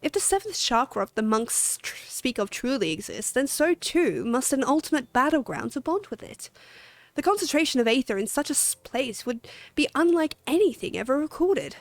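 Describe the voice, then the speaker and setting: A woman's voice: high-pitched, sing-song, moderate pace, no echo. A woman reading a game's quest dialogue aloud for a haughty scholar obsessed with aether research, in a lofty, condescending way. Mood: scheming.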